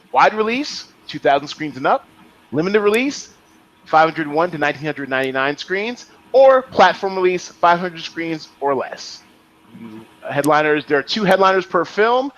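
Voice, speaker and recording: A man's voice: fairly high pitch, big pitch swings, normal speed, fairly bright tone, lo-fi sound. A man hosting a podcast in casual chat, joking around and laughing often. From Las Vegas area. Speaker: podcast host.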